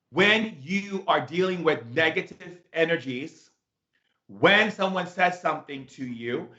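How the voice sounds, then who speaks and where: A shaman teacher gives a spiritual self-help talk in a slightly high, bright, forceful voice. He is emphatic and repetitive, dropping in playful asides. The room is echoey and the sound dull and lo-fi.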